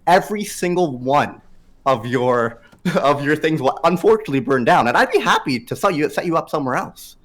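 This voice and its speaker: A man playing a tabletop game in character, stammering and quietly menacing. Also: expressive, a little fast. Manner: stammering, low-key menacing. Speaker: player. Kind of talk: in-character tabletop role-play.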